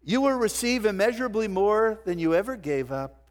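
Animated male preacher in a reverberant church. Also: moderate pace. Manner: animated preaching, swinging from loud emphasis to hushed lows. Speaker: pastor. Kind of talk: sermon. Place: church sanctuary. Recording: long hall reverb.

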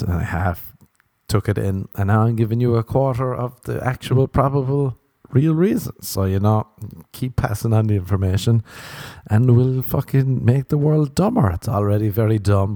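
A man's voice: lowish voice, warm tone, no echo. A man hosting a solo podcast in a casual, rambling way, joking, swearing and laughing at his own tangents. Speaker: podcast host.

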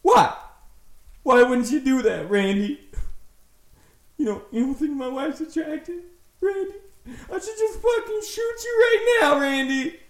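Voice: sits high, animated, unhurried. A performer playing an angry, drunk middle-aged husband who curses and threatens in an improvised comedy scene. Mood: indignant. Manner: yelling, cursing, accusing. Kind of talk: improvised comedy role-play. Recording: echoey room, voice from far off.

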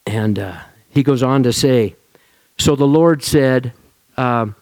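Speaking slowly in a mid-range voice, this male pastor gives his congregation an easygoing, conversational sermon, full of restarts and laughter. The recording is dry.

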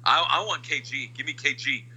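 Man, very bright forceful voice, wry, joking, casual podcast chat. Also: medium pitch, brisk, low-quality recording. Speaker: podcast co-host.

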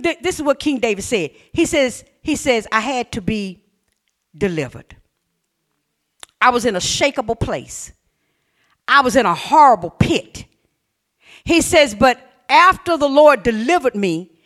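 A woman preacher delivering an exuberant Pentecostal-style sermon, calling out to the congregation, swinging between shouts and hushed scripture reading. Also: a little high. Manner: calls out and has the congregation repeat lines.

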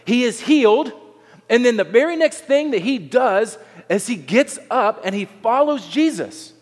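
A male pastor preaching a sermon, lively and playful, acting out the scene in little voices and asking the room questions. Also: extremely high pitch, measured pace, big-room sound.

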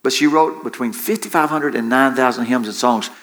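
Preaching at a fairly quick pace, a man with a medium-pitched, fairly bright voice often starts phrases over. He repeats himself and gets the congregation answering back in call-and-response.

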